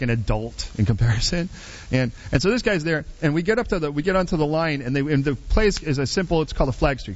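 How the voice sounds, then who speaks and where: A middle-aged man preaching a sermon through a personal story, animated and rambling, with many restarts and asides. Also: mid-range voice, dull audio.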